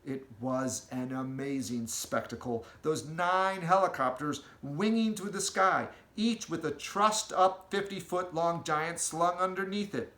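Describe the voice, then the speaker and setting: A man reads a storybook aloud with an expressive, storytelling lilt. His voice is bright and slightly raised in pitch. It echoes around the room he records in. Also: unhurried, hardly any pauses. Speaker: audiobook reader.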